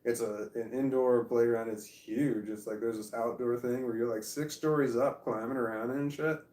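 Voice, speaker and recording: A man's voice: medium pitch, steady tone, normal speed, a little mellow, distant mic. A middle-aged man telling a story in casual vlog style, rambling, swearing freely and restarting his sentences often. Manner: rambling, profane, frequent restarts. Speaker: vlogger. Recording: echoey room.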